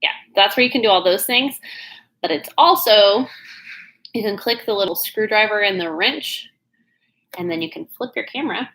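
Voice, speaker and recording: A business coach from Oklahoma, USA, with a Southern Oklahoma accent, chats bubbly and rambling on a casual livestream, using many fillers. Her mid-pitched voice is crisp, bright, and expressive at a normal speed, with long pauses. The recording is rough, with no external mic plugged in.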